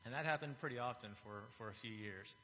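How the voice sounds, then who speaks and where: A man's voice: medium pitch, quick pace, pushed and bright, a little hiss or hum. A man giving an earnest, confessional testimony to a church audience, often restarting his phrases. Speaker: lay speaker giving a testimony. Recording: dull, reverberant hall recording.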